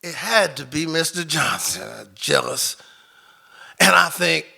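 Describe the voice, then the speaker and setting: A man telling a personal story live on stage into a microphone, animated, swinging from loud outbursts to hushed moments. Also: on the high side, a little slow, creaky, slightly rough. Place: stage before an audience.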